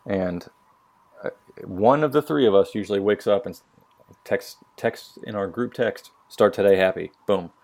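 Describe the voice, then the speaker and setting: Gravelly low-voiced man telling blunt stories. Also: animated, normal speed, a little mellow. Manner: profane, blunt, acts out quotes. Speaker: podcast co-host, military veteran. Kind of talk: casual podcast storytelling.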